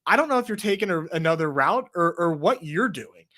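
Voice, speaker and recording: A man's voice: high-pitched, brisk. A man from Texas, co-hosting a casual podcast and telling a story, with lots of filler words, restarts and swearing. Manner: animated storyteller, swears, many likes and restarts. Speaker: podcast co-host.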